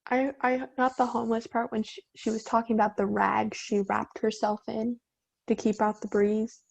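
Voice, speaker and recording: A woman's voice: fairly high pitch, little pitch movement, normal speed, creaky. A teenage girl on a video call, asking and musing about a book in a casual, hesitant way. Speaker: student in book discussion. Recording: dull lo-fi video call audio.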